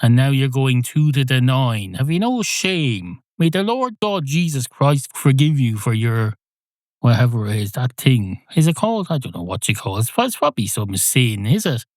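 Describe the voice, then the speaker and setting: An Irish podcast host rambles through a comic monologue at a medium pitch, scolding an imagined listener in mock outrage. The voice is close and dry. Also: male voice, sing-song, normal speed, darkish tone, no echo. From Ireland.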